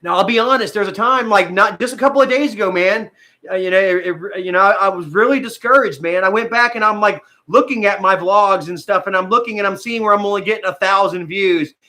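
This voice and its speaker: Emotional male streamer, high bright voice, rambling and profane, on the edge of tears. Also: brisk. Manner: rambling, frequent fillers, heavy swearing. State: tearful at times. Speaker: vlogger talking to live viewers. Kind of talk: emotional casual livestream talk.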